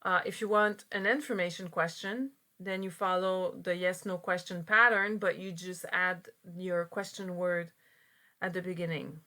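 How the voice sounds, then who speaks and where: A woman's voice: on the low side, steady tone, normal speed, bright, forceful tone. A woman teaching an English grammar lesson, patiently explaining step by step with frequent fillers.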